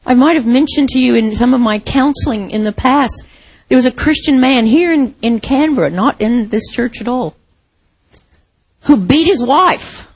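A woman's voice: fairly high pitch, lively intonation, normal speed, breathy edge, poor audio. A woman pastor preaching a sermon in an earnest, heartfelt storytelling manner.

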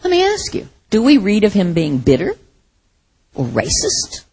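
A middle-aged American woman from the Midwest preaching a sermon in a conversational, animated way, often laughing and acting out quotes. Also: medium pitch, moderate pace, breathy edge, rough recording.

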